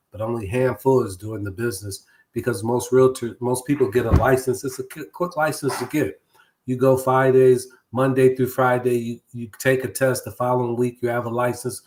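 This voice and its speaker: A middle-aged man with an ordinary mid-range voice talks through business on a call-in show. His delivery is relaxed and conversational, with restarts and repeated words. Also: medium pitch. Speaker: guest real estate broker. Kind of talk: casual talk-show chat.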